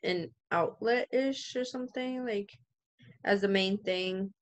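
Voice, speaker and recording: A woman's voice: mid-range voice, slow. A woman student answering in an online class discussion, hesitant and full of fillers. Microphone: video call.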